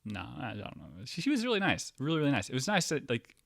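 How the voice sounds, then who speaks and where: A man hosting a comedy podcast, telling a meandering, profane story that drops to mumbles and jumps to loud outbursts. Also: mid-range voice, huge pitch swings, fast, vocal fry, dry recording, clean studio sound. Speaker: podcast host.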